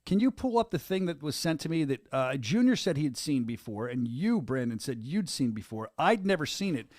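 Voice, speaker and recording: A man's voice: a little high, big pitch swings, fairly quick, darkish tone, dry recording, clean studio sound. A middle-aged man hosting a casual podcast, joking and laughing often. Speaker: podcast host.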